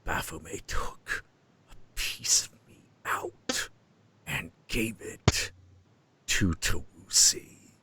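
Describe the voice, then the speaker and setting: A man voicing a cold, possessive male demon in a whispered role-play, using a hoarse whisper. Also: deep voice, huge pitch swings, extremely slow, long pauses, bright, forceful tone, slight background noise, heavily acted. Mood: menacing.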